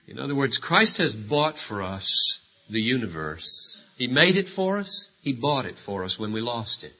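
A man preaching a sermon, emphatic and full of rhetorical questions, with sudden swings between loud and quiet. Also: medium pitch, big pitch swings, husky. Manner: rhetorical questions, drawn-out phrases. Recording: dull lo-fi sermon recording.

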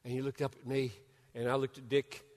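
An older man preaching a sermon as a pastor. He swings from loud, urgent bursts down to hushed near-whispers. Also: medium pitch, little pitch movement, fairly quick. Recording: long hall reverb.

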